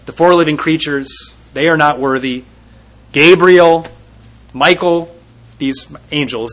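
A man preaching a sermon, retelling a scripture scene vividly and rising to loud emphasis at its peaks. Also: a little high, low-quality recording.

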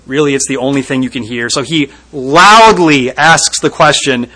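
A man preaching a sermon, retelling a scripture scene vividly and rising to loud emphasis at its peaks. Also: medium pitch, normal speed, few pauses, poor audio.

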